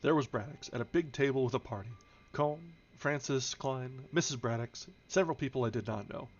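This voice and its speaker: A man's voice: medium pitch, a little fast. A man reading a novel aloud on a livestream, now and then stumbling and correcting himself on foreign names. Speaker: audiobook reader. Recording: dull lo-fi with faint music.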